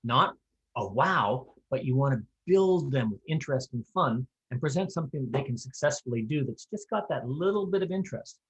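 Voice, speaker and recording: A man's voice: medium pitch, expressive, moderate pace, rough recording. A man giving a conversational, practical lesson on square dance calling, with folksy asides and offhand humor. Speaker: square dance caller teaching callers. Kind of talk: instructional talk.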